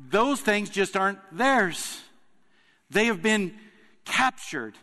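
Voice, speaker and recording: Man, pastor, sermon, earnest, emphatic pauses, long hall reverb. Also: a little high, fairly bright tone. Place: church sanctuary.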